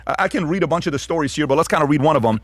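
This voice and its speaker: A man hosting a news reaction show, directing a producer and reading out stories in a halting way. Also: a little high, animated, a bit bright, no echo, clean studio sound. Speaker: show host.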